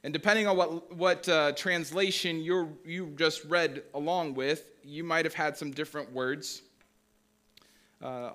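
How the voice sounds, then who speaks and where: Bright-voiced pastor preaching a sermon. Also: male voice, on the high side. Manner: conversational, asks the congregation questions; reads scripture aloud slowly.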